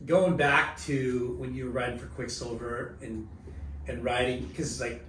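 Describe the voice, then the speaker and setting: A man's voice: medium pitch, unhurried. A man co-hosting a podcast, easygoing and casual, dropping swear words as he chats. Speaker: podcast co-host. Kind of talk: casual chat. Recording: roomy echo, distant mic, steady noise.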